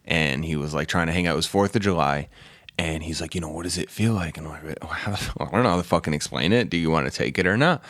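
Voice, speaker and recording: A man's voice: extremely low pitch, fast, a bit bright, dry recording. A man hosting a casual podcast, telling a story animatedly, acting out quotes and swearing freely. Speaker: podcast host. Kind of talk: casual chat.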